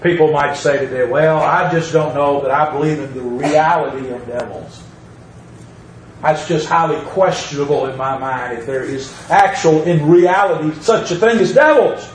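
A man's voice: on the high side, moderate pace, roomy sound, recorded from a distance, a little hiss or hum, low-quality recording. A man preaching a sermon, reading scripture aloud and driving points home by repeating them. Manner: emphatic, repeats phrases, reads scripture aloud.

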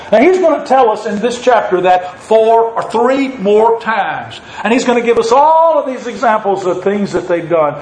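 A man preaching a sermon, reading scripture slowly and then asking the congregation questions with a joke or two. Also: sits high, expressive, a little mellow, echoey room, a little hiss or hum, poor audio. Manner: reads scripture slowly, then jokes and asks the crowd questions.

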